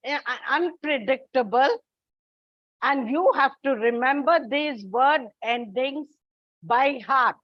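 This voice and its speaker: A woman teaches an English exam coaching lesson at a slow, deliberate pace. She spells out letters and repeats the key points. The sound is dry and a little dull and lo-fi. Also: high-pitched, no room sound.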